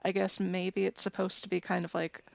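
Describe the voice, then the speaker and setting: A woman's voice: fairly low pitch, flat delivery, normal speed, vocal fry, no echo. A woman co-hosting a podcast in casual chat, dry and teasing. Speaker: podcast co-host.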